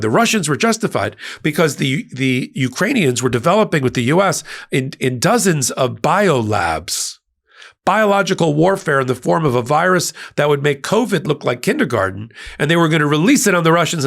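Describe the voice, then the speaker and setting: A man's voice: gravelly, a bit bright. A man hosting a political commentary channel, speaking emphatically and scornfully in a monologue. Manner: emphatic, scornful, sweeping pitch jumps. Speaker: host of a legal-political channel.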